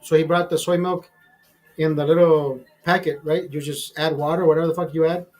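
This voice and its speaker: A man's voice: on the high side, flat delivery, brisk, a little mellow, soft background music. A man in his fifties hosting a show, telling a rambling, profane story full of repeated words and restarts. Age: 50s. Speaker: show host. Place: streaming studio.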